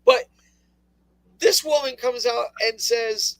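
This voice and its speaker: High-voiced man co-hosting talk radio. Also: normal speed, no echo, poor audio. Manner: animated, laughing, sarcastic asides. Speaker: co-host. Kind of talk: casual political radio talk.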